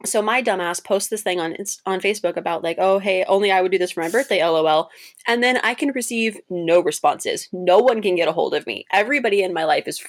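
Young woman chatting away, kinda low voice, laughs a lot, pitch jumps around when she quotes people. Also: fast talker. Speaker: interview guest, cosplayer. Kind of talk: casual storytelling interview.

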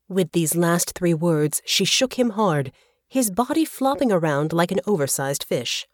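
A woman reading an audiobook aloud in a measured, unhurried way. Her voice sits low and the pace is very slow, with a dry, close-miked sound. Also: animated, dry recording. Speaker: audiobook narrator. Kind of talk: scripted narration.

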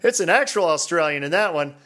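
A man's voice: on the high side, animated, fast, sharp tone. A man co-hosting a podcast, reading listener emails aloud in casual chat and laughing often. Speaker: podcast co-host.

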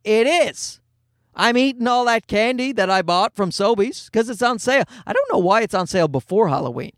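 Brisk and lively in intonation, a high-pitched man of forty rambles through wry comic stories in a casual monologue, swearing now and then. The studio-quality audio carries no room sound.

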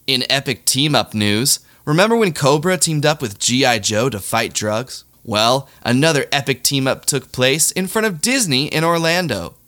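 A man hosting a satirical news monologue with deadpan delivery and self-deprecating asides. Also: medium pitch, normal speed, few pauses. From Kansas City area. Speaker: comedy news host.

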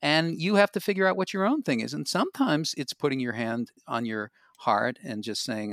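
A man hosting a casual conversation, speaking in a relaxed, reflective way. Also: medium pitch, moderate pace, hardly any pauses, no echo, studio quality. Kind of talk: casual chat.

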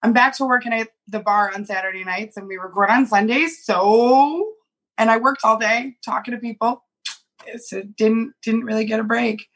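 A hoarse woman co-hosts a podcast from a video call, her voice worn down after losing it the night before. She sits a bit higher than most women and talks in a relaxed, easygoing way. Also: normal speed, rough recording. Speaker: podcast co-host. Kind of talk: casual chat.

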